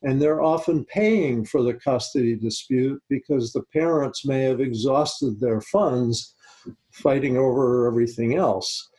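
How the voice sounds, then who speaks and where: A man speaking as a guest expert, calm and instructive, slowing down on key points in a talk-show discussion. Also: medium pitch, slightly rough, rough recording. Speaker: guest expert on high-conflict disputes.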